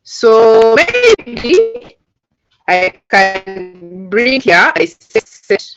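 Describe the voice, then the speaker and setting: A woman from Uganda teaches a coding class over a video call, explaining patiently step by step with many fillers. Her voice is a little high, very slow and creaky, with wildly swooping pitch. The call audio is dull and lo-fi, with soft background music.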